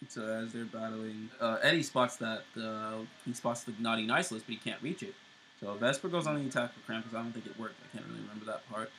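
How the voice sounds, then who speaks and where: A man's voice: on the low side, fairly even intonation, quick pace, bright, forceful tone, slight background noise, rough recording. A man co-hosting a show, casually recapping TV episodes with loose fillers and restarts. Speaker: show co-host.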